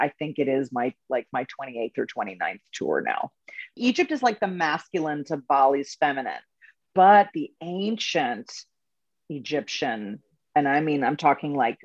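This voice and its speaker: Woman coach, casual storytelling, animated, laughs often, fairly low voice, dry close sound. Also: breathy edge, no room sound, muffled recording. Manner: animated, laughs through stories. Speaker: spiritual coach and tour leader.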